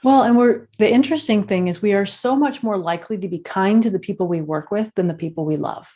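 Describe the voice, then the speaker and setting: A woman's voice: mid-range voice, fast talker, dark tone. A woman who coaches others on communication, a guest in an interview who makes her points in firm, emphatic statements. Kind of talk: interview guest, advice-giving.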